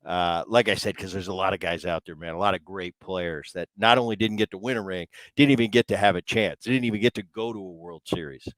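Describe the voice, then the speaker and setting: Middle-aged male podcast host, low and relaxed, dry close sound. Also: a little fast, few pauses, no room sound, poor audio. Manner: relaxed, chatty, trailing restarts. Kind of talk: casual interview chat.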